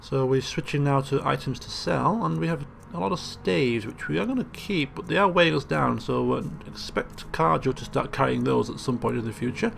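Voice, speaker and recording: Gravelly gamer narrating gameplay. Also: male voice, mid-range voice, brisk, few pauses, a bit bright, a little hiss or hum. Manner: chatty, joking asides. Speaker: let's play host. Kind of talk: casual gameplay commentary. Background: game music.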